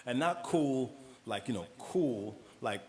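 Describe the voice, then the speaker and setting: A man from New York talking as an interview guest, relaxed and storytelling, often laughing. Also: mid-range voice, takes it slowly. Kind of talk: casual interview conversation.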